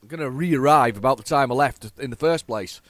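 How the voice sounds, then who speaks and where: A man of medium pitch talks fairly quickly as he hosts a let's play, rambling through chatty, self-deprecating gameplay commentary. He's recorded close on a desk mic at home with no echo, and soft music plays in the background.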